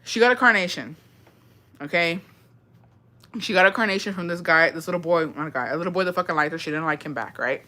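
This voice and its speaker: A woman's voice: lowish voice, quick pace, pushed and bright. A woman in her thirties telling a gossipy, profane childhood story, dropping Spanish phrases into her talk. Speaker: storytime vlogger. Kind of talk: casual storytelling.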